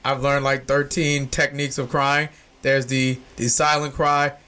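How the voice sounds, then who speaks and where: A man hosting a podcast in casual chat, rambling and joking in slangy talk, now and then breaking into loud shouts. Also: medium pitch, little pitch movement, a little slow, clear, resonant tone. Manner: uses informal slang. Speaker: podcast host.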